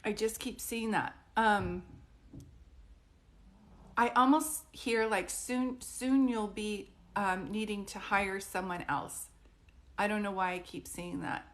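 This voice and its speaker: A woman's voice: medium pitch, steady tone, takes it slowly, pauses often. A woman speaks in a mid-range voice during a live-stream psychic reading. Her manner is casual and reassuring. She keeps checking in with her listener to ask whether things make sense. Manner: warm, reassuring, frequently checks in with "do you know what I mean?".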